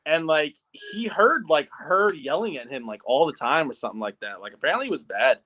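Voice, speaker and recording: A man's voice: on the high side, lively intonation, brisk, sharp tone. A man co-hosting a wrestling watch-along, chatting casually and rambling, with "like" in nearly every phrase. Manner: rambling, fills with "like" constantly. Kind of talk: casual chat.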